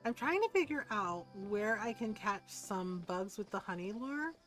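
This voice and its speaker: A woman's voice: mid-range voice, moderate pace, faint music behind. Chatty, swearing woman game streamer. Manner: animated gossipy storytelling, swears freely. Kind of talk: casual live-stream chat.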